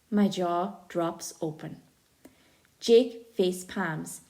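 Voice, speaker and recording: A woman narrating an audiobook in the first person, with lively, expressive storytelling. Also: on the low side, slow pace.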